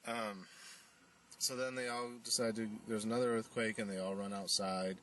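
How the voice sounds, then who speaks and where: A man with a very low voice retells a movie in a loose, rambling way, full of fillers as he acts out what the characters say. He sits a little back from the mic, and a faint hiss runs under his talk. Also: little pitch movement, moderate pace, fairly bright tone, distant mic. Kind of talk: casual movie recap.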